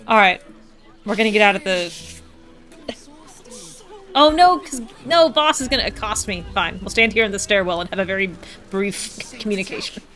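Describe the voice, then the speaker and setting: A woman's voice: mid-range voice, moderate pace, long pauses, fairly bright tone, faint music behind. A woman streaming a video game, reading its text aloud with wry, chatty asides.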